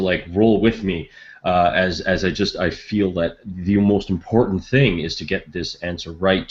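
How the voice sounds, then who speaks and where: A man with a very deep voice plays a tabletop game and describes his character hesitantly. He uses many fillers. The audio is dull. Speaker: player. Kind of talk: tabletop role-play.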